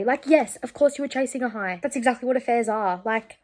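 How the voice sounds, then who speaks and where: A woman chatting casually in a book vlog, emotional and animated as she reacts to her reading. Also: fairly high pitch, a little fast. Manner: chatty, emotional, reads passages aloud. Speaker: book vlogger.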